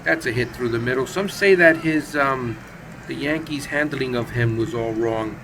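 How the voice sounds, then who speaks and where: A man with a gravelly voice calls baseball play-by-play in a casual, chatty way, with asides and self-corrections. A steady noise hiss sits behind him. His pitch is middle of the range. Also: normal speed. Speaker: play-by-play commentator. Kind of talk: solo play-by-play of a simulated baseball game.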